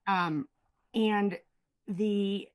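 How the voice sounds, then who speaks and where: A woman's voice: mid-range voice, steady tone, very slow. A woman speech therapist, a guest on a podcast, explaining her methods in an earnest, explanatory way. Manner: explanatory, earnest, playfully demonstrative. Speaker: speech-language pathologist, guest. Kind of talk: casual conversational interview.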